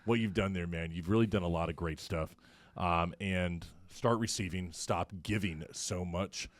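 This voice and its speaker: A male interview host with a very deep voice, speaking calmly and measured with occasional ums. The recording is dry and close. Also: dry recording. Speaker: podcast host. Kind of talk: interview wrap-up.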